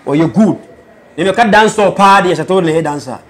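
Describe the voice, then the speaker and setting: In a casual interview, a Ghanaian man who sounds like an aspiring rapper explains his views on music. His voice is noticeably high and fairly bright, and he talks fast and animatedly with lively intonation, mixing in English phrases and slipping into Patois-style lines.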